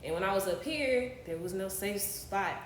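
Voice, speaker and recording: A young woman, telling stories as a podcast guest in an animated, laughing way. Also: medium pitch, normal speed. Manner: animated storytelling, laughs often. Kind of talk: casual interview chat. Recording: roomy podcast audio with faint hiss.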